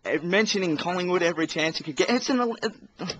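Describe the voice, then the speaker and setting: A man's voice: high-pitched, expressive, brisk. An Australian man co-hosting a casual sports podcast, ranting in an exasperated, rambling way. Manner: ranting, exasperated, talks over others. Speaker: podcast co-host. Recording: faint background noise.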